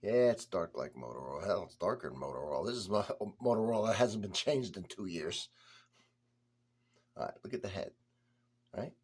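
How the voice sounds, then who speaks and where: A man's voice: deep voice, lively intonation, normal speed, long pauses, darkish tone, slightly rough. A man reviewing a beer for his vlog, chatty and blunt, talking straight to the viewer.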